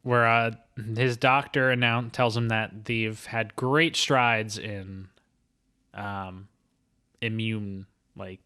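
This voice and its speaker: A man's voice: lowish voice, steady tone, slow pace, sharp tone, clear, resonant tone. A man hosting a podcast, chatting casually and eagerly retelling movie scenes. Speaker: podcast host. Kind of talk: casual movie-review chat.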